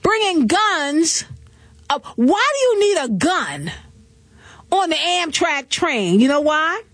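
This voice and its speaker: A woman hosting a talk show, riffing through celebrity gossip with sassy, animated commentary and quick laughs. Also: extremely high pitch, dry recording. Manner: animated, sassy storytelling with laughs and mock voices.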